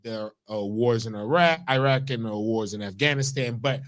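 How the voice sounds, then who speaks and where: A man's voice: medium pitch, a bit bright. A man co-hosting a comedic news talk show, rambling with restarts and casual swearing. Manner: rambling, profane, halting restarts. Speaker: co-host.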